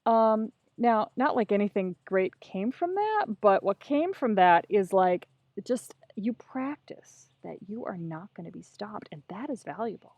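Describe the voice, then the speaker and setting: A middle-aged woman tells a story casually with lots of energy, slipping into other people's voices and cursing freely. Her voice sits in a middle pitch. The sound is dry and close, with no room echo. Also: measured pace, hardly any pauses, lo-fi sound. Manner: animated, acts out voices, profane. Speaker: podcast guest.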